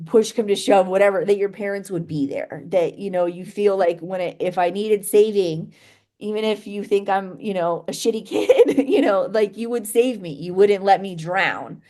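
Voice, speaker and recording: A young adult woman with a mid-range, dark-toned voice speaks at a moderate pace. In an interview she recounts a painful personal story, rambling and restarting her sentences with plenty of "like" and "you know."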